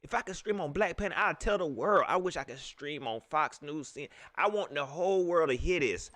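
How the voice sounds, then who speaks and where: High lively guy going off on a football rant, slangy and repetitive, dry sound. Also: normal speed, no echo. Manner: animated, repetitive, slangy ranting. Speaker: sports vlogger. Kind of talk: casual sports rant.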